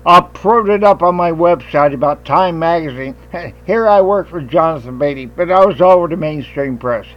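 A man hosting a talk radio show, ranting in a loud, combative and profane way. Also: on the high side, normal speed, dull audio. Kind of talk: heated talk radio rant.

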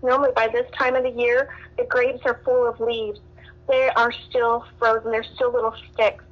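A woman's voice: fairly high pitch, flat delivery, normal speed, muffled recording. A woman from Southern California calling in to a radio talk show, upset and rambling with many fillers and restarts. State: distressed. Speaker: caller.

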